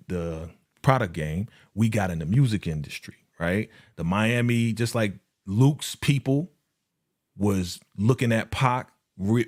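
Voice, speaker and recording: Guy hosting a live tv recap, slangy, laughs a lot, talks right to the fam. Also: on the low side. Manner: animated, laughing, slangy, acts out quotes. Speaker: host of a live TV episode review. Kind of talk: casual live review chat.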